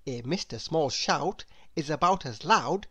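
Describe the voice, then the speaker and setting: A woman reading a children's picture book aloud in a slow, expressive, sing-song storytelling voice. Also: deep voice, slightly rough, dry recording. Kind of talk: children's read-aloud narration.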